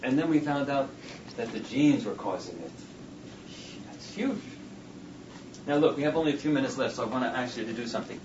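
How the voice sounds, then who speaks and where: A man's voice: medium pitch, fast talker, reverberant. Male lecturer, chatty with rhetorical questions; far from the mic, dull sound, faint room hum. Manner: conversational, asks rhetorical questions. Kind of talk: classroom lecture. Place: classroom. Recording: dull distant classroom recording.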